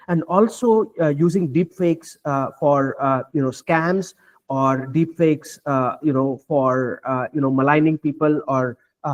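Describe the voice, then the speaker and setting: A male researcher on a panel, talking in a fairly high voice. He is measured and explanatory, often pausing with fillers and restarting his sentences. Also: a little mellow. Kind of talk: panel discussion remarks. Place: virtual roundtable, video call.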